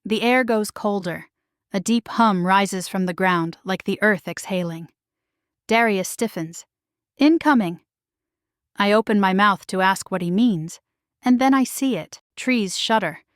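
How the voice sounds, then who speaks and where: A woman narrating a first-person paranormal romance story in a slow, dramatic delivery. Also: mid-range voice, no room sound, clean studio sound.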